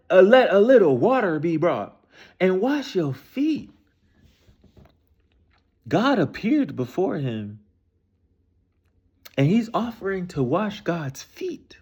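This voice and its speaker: Animated, profane man ranting about scripture. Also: fairly high pitch. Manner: animated, profane, repetitive, rhetorical questions. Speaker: streamer discussing scripture. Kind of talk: casual ranting commentary.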